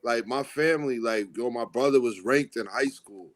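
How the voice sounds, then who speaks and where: A man's voice: mid-range voice, normal speed, dry recording. A man co-hosting a podcast in casual chat, emphatic and ranting, repeating "like, bro" and telling people to stop. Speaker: podcast co-host.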